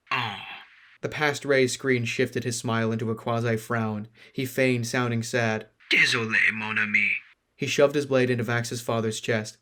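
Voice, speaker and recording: Man reading a fantasy novel out loud, steady and unhurried. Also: mid-range voice. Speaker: narrator.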